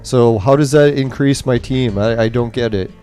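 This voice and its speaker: A man's voice: mid-range voice, normal speed, dark tone, soft background music. A man commentating on a mobile game as he plays, ranting angrily and swearing nonstop while in nicotine withdrawal. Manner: angry swearing rant. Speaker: gaming streamer.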